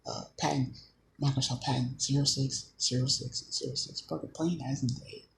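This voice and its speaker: A man's voice: mid-range voice, steady tone, normal speed, vocal fry, a bit bright, poor audio. A man delivers a loose, meandering monologue straight to his viewers, packed with swearing and broken-off sentences. His voice sits in an ordinary middle register. A faint hum of background noise runs underneath. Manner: swearing constantly, hesitant, restarting. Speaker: channel host. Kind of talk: profane rambling monologue.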